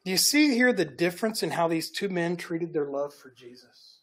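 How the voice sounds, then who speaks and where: A woman's voice: fairly low pitch, animated, moderate pace. A woman preaching a conversational sermon, chatty and often checking in with "right?" while acting out the scenes. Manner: chatty, keeps asking "right?", acts out scenes.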